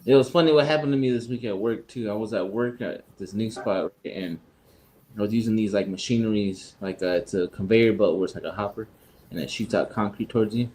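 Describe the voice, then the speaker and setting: A podcast co-host tells a rambling, profane story from work in a casual, animated way, raising his pitch to act out the other people involved. He talks briskly, and the rough recording carries a bit of hiss or hum.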